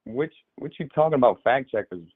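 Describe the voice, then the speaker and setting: A man's voice: medium pitch, lively intonation, a little fast, husky. A man in his twenties calling into a stream, laid-back and slangy. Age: 20s. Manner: laid-back slang, calls everyone bro. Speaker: caller. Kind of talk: casual phone call. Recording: tinny phone line.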